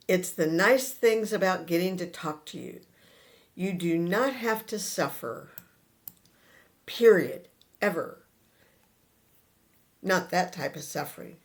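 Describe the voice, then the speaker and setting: A man giving a spiritual talk to an audience. He speaks to the listeners directly and earnestly, pausing between short phrases and repeating his key points. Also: sits high. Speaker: spiritual teacher.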